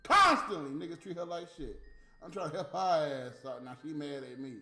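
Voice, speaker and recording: A man's voice: a little high, brisk. A man delivering a heated, profane, scolding rant as a stream host. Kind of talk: profane ranting monologue. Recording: roomy room with faint music.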